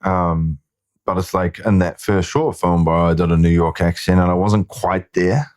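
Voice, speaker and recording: A man's voice: low voice, steady tone, normal speed, a little mellow. A man who is a filmmaker and actor, chatting frankly and reflectively as a podcast guest, swearing often. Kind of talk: casual chat.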